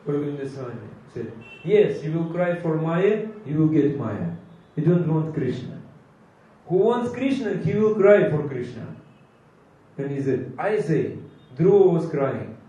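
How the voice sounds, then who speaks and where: Preacher in an echoey hall. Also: male voice, on the high side, expressive, warm tone. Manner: slow emphatic preaching, drawn-out chanted phrases, mixes in Hindi. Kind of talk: sermon. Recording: echoey hall from far off, dull lo-fi sound.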